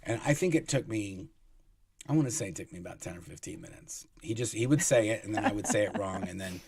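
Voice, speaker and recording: A man telling rambling, animated anecdotes as a guest, with many restarts. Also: lowish voice, fast, a crowd in the background. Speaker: guest, former Sea Org member. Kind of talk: casual storytelling in an interview.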